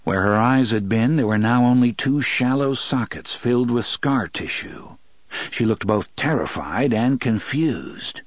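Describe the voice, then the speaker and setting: A man narrating a novel as an audiobook, expressive and switching voices for characters. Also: mid-range voice, measured pace, no echo. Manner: expressive storytelling, many voices. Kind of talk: scripted narration.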